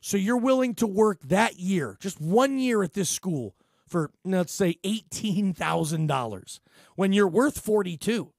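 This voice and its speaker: A man hosting a sports talk radio show, giving an animated, rambling monologue full of fillers and restarts into a studio microphone. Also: high voice, measured pace, no room sound.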